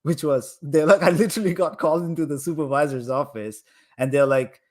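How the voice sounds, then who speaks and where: A man's voice: fairly high pitch, fairly quick. A young man in his own voice, the guest on a live chat, telling stories animatedly and leaning heavily on "like" as a filler. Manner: animated, heavy use of "like" fillers. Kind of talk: casual storytelling in a live chat.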